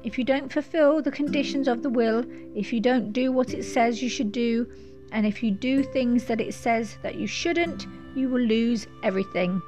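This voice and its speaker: A woman's voice: fairly high pitch, moderate pace, over music, close to an everyday voice. A woman voicing a curt, impatient old male lawyer who speaks in brusque, clipped phrases.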